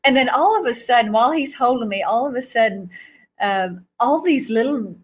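A middle-aged woman telling a story in an animated way, laughing often and jumping to a high voice when she acts out reactions. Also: normal speed, slightly rough. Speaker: guest recounting a vision.

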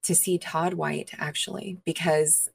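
A woman interview guest, a minister, earnestly telling her personal testimony with pauses and frequent fillers. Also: low voice, fairly even intonation, gravelly, husky.

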